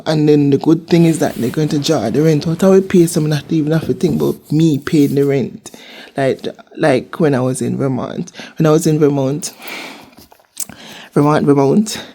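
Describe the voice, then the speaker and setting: A woman's voice: sits low, steady tone, fairly quick, dark tone. A young woman with a Jamaican accent chatting casually in a vlog from her home kitchen, rambling and repeating herself. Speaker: vlogger, seasonal worker.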